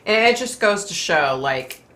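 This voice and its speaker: A woman's voice: medium pitch, animated, measured pace, fairly bright tone. A middle-aged woman hosting a casual live stream, talking in an emotional, rambling way with sighs and fillers. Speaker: host reading viewer comments.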